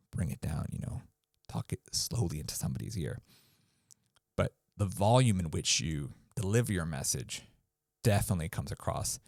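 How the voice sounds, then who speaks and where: A man's voice: low voice, vocal fry, dry recording, studio quality. A man hosting his own podcast, talking casually with loose fillers. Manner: relaxed, loose, with offhand fillers. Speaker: podcast host. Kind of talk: casual solo podcast talk. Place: New Zealand.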